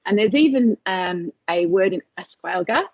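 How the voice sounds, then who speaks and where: A woman's voice: medium pitch, lively intonation, moderate pace, no echo. A woman giving an academic seminar talk over a video call, hesitant, with many fillers and restarts. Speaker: lecturer. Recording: dull lo-fi video call audio.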